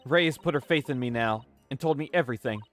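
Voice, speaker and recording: A man's voice: mid-range voice, quick pace, a bit bright, soft background music, natural voice. A man voicing an earnest young defense attorney. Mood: determined. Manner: earnest, determined.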